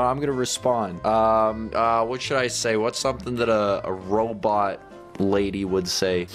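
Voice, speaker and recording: A man hosting a gaming video, giving excitable commentary and talking to viewers, with stammered repeats. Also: mid-range voice.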